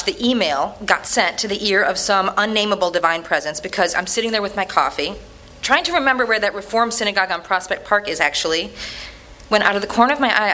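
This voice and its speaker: A woman giving a dramatic reading of a personal letter in an animated, conversational storytelling manner. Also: mid-range voice.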